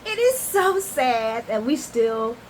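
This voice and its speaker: Woman soap recap vlogger, higher voice, animated and gossipy, slight background hiss. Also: slow pace. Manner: chatty, animated, playful asides, addresses viewers as y'all. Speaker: soap opera recap host. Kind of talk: casual chat to camera.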